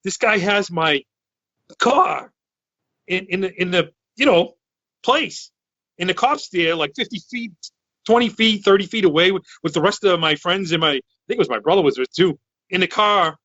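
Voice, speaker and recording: A loud, excitable man in his thirties, from Massachusetts, rambles through a story with many restarts. His voice is bright and forceful and sits a little high. The sound is dry and slightly dull, like a lo-fi online call. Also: normal speed, no room sound. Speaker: podcast co-host. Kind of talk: casual storytelling chat.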